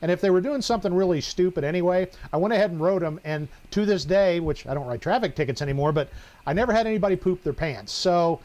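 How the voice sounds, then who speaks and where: A man's voice: high-pitched, quick pace, darkish tone. A middle-aged man, a former police officer, telling wry stories in a casual podcast chat. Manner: wry, joking storyteller.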